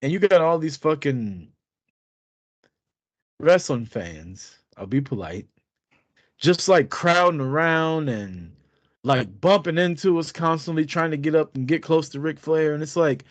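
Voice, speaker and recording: A man's voice: on the high side, animated, measured pace, no echo. A man co-hosting a podcast, telling a rambling, profane story in casual chat. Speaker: podcast co-host.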